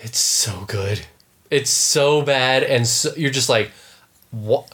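A man co-hosting a casual chat, telling animated stories with sudden shouts and acted-out quotes, swearing freely. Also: mid-range voice, slow pace.

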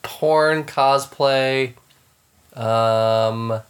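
A man's voice: medium pitch, extremely slow. A man co-hosting a casual podcast chat, laid-back, swearing casually and trailing off into restarts. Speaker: podcast co-host.

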